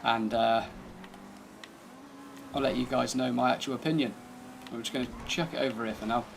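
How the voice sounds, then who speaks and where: A man's voice: medium pitch, steady tone, moderate pace, vocal fry, slight background noise. A man giving casual, laid-back commentary over gameplay, thinking aloud as he drives and tests a car. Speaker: gaming channel host.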